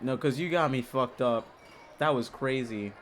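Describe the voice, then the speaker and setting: A young man streaming a visual novel, chatting casually with excitable, shrieking reactions and frequent laughter. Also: mid-range voice, normal speed, slight background noise. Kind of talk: casual gaming stream commentary.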